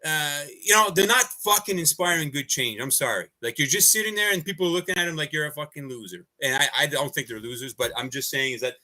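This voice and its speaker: A man's voice: on the high side, quick pace, hardly any pauses, bright, forceful tone. A man in a livestream rant, talking in a heated, profane and rambling way. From Canada. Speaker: activist livestreamer.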